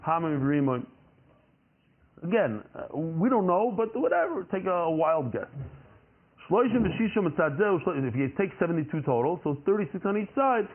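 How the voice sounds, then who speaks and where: A man's voice: fairly high pitch, expressive, moderate pace. Man teaching a class over a tinny line. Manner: explains by asking and answering his own questions. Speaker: Talmud teacher. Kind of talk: classroom Talmud lesson. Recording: tinny phone-like recording.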